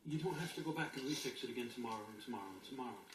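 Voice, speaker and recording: Animated, emphatic spiritual teacher in a roomy space. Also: mid-range voice, rapid-fire, noisy background. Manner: emphatic, animated, acts out inner voices with sudden shouts. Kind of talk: motivational talk to an audience. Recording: roomy echo with faint ambience.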